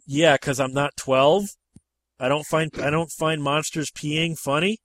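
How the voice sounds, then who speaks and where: Guy hosting a movie chat, kinda high voice, dry close sound, gets worked up making his point. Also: unhurried, no echo. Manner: animated and emphatic, with sharp rises in pitch when making a point.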